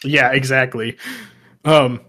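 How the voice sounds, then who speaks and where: A man's voice: mid-range voice, steady tone, slow, bright, forceful tone. A man co-hosting a casual gaming podcast, ranting and swearing with frequent laughter. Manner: ranting, profane, laughs often. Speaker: podcast co-host.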